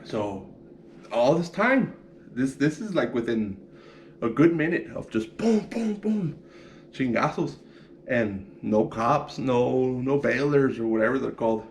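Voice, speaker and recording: A man's voice: medium pitch, lively intonation, a little slow, a little hiss or hum. A young man telling a prison story casually, acting out punches sound effects and swearing freely.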